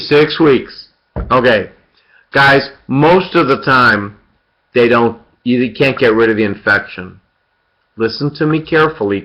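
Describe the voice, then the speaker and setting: Man, surgery lecturer, quizzes students, repeats key points, slow, dull lo-fi recording. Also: mid-range voice, sharp tone. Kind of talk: interactive medical lecture.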